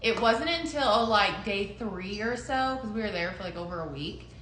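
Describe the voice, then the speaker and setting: A woman's voice: mid-range voice, animated, moderate pace, a bit bright, reverberant, slight background noise. A young woman in casual conversation, telling a personal story with lots of laughter and quoted voices. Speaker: podcast co-host.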